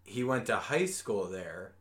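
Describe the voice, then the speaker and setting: A man's voice: fairly low pitch, measured pace. Swearing, joking male podcast co-host. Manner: joking, swears freely, animated bursts. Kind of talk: casual podcast chat.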